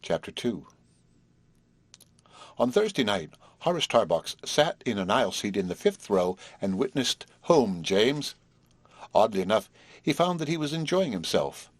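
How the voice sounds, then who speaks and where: Lively low-voiced male narrator. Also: slightly rough, no echo. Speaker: audiobook reader. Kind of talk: scripted narration.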